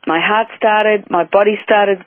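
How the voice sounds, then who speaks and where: A woman's voice: mid-range voice, steady tone, a little slow, no echo. A woman guest in a phone interview, earnestly telling a personal story with many restarts. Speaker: guest, spiritual author and healer. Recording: tinny phone line, dry.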